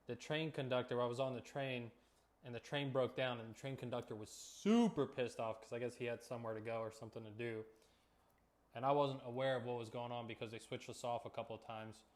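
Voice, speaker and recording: Easygoing man telling stories while cooking. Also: mid-range voice. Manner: relaxed storytelling with jokes. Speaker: cooking vlogger. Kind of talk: casual cooking vlog.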